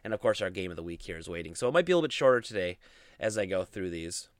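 A man's voice: deep voice, sing-song, very fast, no room sound, studio quality. A man hosting a casual solo gaming podcast, rambling with lots of fillers and restarts. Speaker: podcast host.

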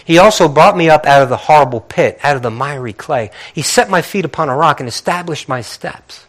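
This male pastor speaks fairly quickly, with a fairly high pitch and lively intonation. His sermon begins with a quiet scripture reading and builds toward emphatic, repeated rhetorical questions.

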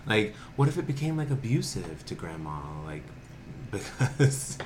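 A man co-hosting a casual podcast, telling stories in an animated, profane, often laughing way. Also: on the low side, measured pace, noisy background. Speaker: podcast co-host. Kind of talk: casual chat.

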